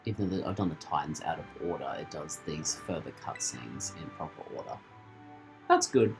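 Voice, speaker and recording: A man's voice: very deep voice, lively intonation, normal speed, soft background music. A man giving playful, joking commentary while he plays a video game for his channel. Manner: playful, laughs and jokes while playing. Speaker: gaming channel host. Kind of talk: casual let's-play commentary.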